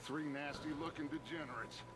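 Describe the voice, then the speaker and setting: An actor playing a smooth-talking, commanding middle-aged outlaw gang leader in a video game. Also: male voice, fairly high pitch, steady tone, moderate pace, crowd noise, natural voice, rough recording. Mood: persuasive. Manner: persuasive, commanding, theatrically courteous.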